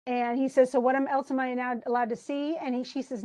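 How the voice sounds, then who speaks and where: Chatty woman teacher, higher voice. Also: steady tone, brisk, dark tone. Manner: chatty, reads quotes aloud, laughs often. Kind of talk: literature class discussion.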